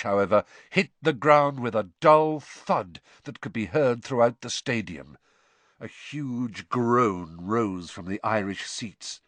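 A man narrating an audiobook with an expressive, varied delivery. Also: medium pitch, no echo.

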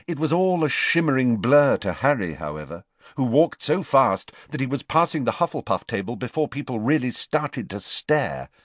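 In a dry recording, a man narrates a novel for an audiobook, his medium-pitched voice measured and expressive as he tells the story. The narration is scripted.

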